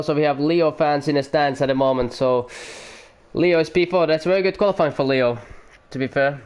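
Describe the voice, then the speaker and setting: A man giving casual, rambling commentary on an online racing league, excitable and full of fillers. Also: mid-range voice, clean tone.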